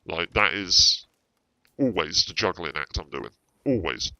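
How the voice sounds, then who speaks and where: A very deep-voiced man chats in character on a roleplay stream, circling back over his words and swearing freely. His tone is bright and forward, and the sound is dry and close, a little dull and lo-fi. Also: expressive, unhurried, dry recording. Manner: rambling, repeats himself, swears freely.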